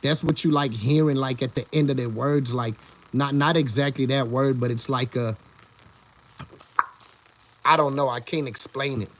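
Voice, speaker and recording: A man's voice: mid-range voice, steady tone, moderate pace, long pauses. A man hosting a casual live stream who rambles, restarts his sentences and greets viewers in the chat by name. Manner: rambling, with many restarts and repeated words. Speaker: livestream host.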